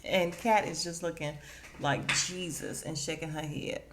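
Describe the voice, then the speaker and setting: Woman, podcast host, casual tv recap, acts out lines, slightly low voice. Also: a little slow, noisy background. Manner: animated storytelling, acting out the characters' lines.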